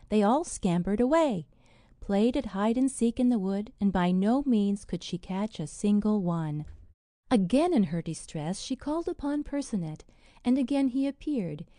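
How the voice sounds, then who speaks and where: A woman narrating a fairy tale audiobook in a measured, expressive way. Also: mid-range voice, dry recording, clean studio sound.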